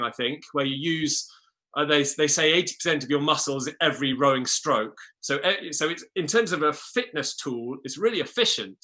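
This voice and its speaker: A man in his thirties from England, a former Olympic rower appearing as a guest, talks casually in a slightly high, bright and forceful voice. He's hesitant, restarting often and repeating words at the start of phrases.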